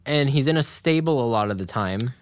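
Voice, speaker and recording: A man's voice: medium pitch, animated, brisk. A man co-hosting a podcast, chatty and joking, easily amused. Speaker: podcast co-host. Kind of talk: casual chat.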